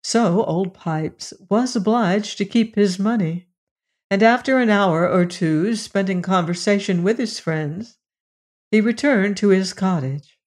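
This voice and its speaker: A woman narrating a storybook with a steady, even read-aloud delivery. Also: mid-range voice, a little slow.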